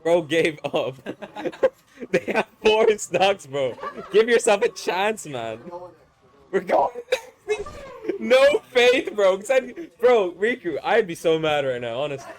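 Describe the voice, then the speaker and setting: A man doing casual live commentary on a fighting game, loud and teasing, swearing freely. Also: high voice, sing-song, takes it slowly, pauses often. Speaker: esports commentator.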